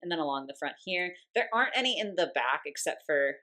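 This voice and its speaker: A woman's voice: sits low, animated, fast, pushed and bright. A young woman chatting casually through a doll unboxing review at home, gushing with lots of "like"s and breaking off to coo at her cat.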